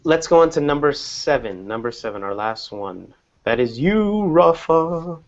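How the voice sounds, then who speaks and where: A man teaching an online English class, explaining patiently and slowly with examples. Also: a little high, very animated, highs cut off.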